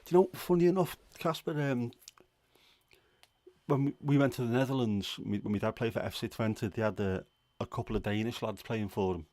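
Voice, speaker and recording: A man's voice: medium pitch, a little fast, darkish tone, dry recording. A man with a Scouse accent from Liverpool, hosting a livestream and chatting casually with viewers, rambling with plenty of fillers. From Liverpool, England. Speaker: livestream host. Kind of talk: casual chat answering viewers.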